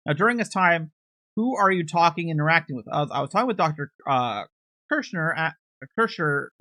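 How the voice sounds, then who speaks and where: A man with a raised, bright voice runs through court transcripts at a quick clip, calling out each speaker's label as he goes. His delivery is matter-of-fact, and the sound is close and dry. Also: a little high, no room sound. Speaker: true crime channel host. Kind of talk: reading court transcripts aloud with commentary.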